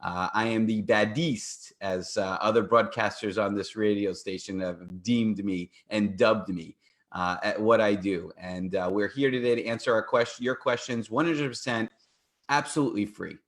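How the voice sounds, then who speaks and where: A man's voice: fairly low pitch, fairly even intonation, moderate pace. A middle-aged man, an attorney hosting a call-in radio show, talking in an upbeat, promotional way with playful banter. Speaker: personal injury attorney and show host.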